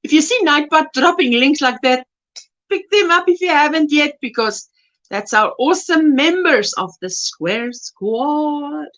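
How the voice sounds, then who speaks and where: A woman's voice: sits high, animated, measured pace, highs cut off. A South African woman hosting a crochet livestream, casually greeting viewers and reading their chat messages aloud. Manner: warm greetings, reads chat messages aloud, laughs often.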